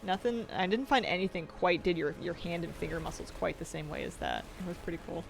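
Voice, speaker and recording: A woman's voice: on the low side, a little fast, gravelly, music in the background. A young woman streaming a game, chatting playfully and rambling with self-deprecating jokes and frequent laughs. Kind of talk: casual stream chat.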